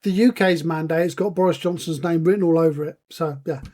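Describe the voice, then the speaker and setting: A man co-hosting a podcast in casual chat, laying out facts in a measured, informative way with filler words. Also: on the high side, fairly even intonation, warm tone. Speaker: podcast co-host.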